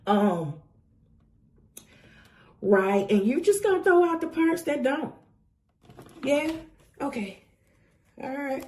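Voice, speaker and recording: A woman's voice: high-pitched, lively intonation, slow, pauses often, background noise. Blunt, sassy woman tarot reader. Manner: blunt, sassy, profane, preachy asides. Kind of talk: casual tarot reading vlog.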